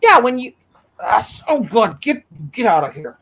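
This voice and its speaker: A woman's voice: on the high side, big pitch swings, moderate pace, a bit bright, breathy edge. A woman, hosting a casual live-stream chat in a folksy, teasing way. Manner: folksy, teasing, calls people honey and shug. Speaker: host.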